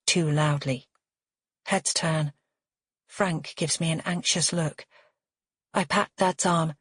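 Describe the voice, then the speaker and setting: Female thriller audiobook narrator, husky, lowish, dry close-mic sound. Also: measured pace, no room sound. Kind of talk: first-person thriller narration.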